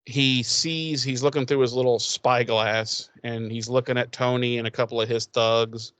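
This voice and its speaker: Man, podcast co-host, casual recap, profane, rambling, mid-pitched, dry sound. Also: steady tone, normal speed, fairly bright tone, no room sound. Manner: rambling, profane, laughs often, acts out characters.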